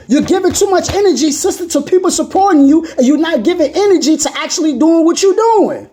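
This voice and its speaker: A woman's voice: very high-pitched, lively intonation, brisk, few pauses, dark tone. A woman preaching an emphatic, repetitive motivational sermon with casual slang, rising to impassioned peaks.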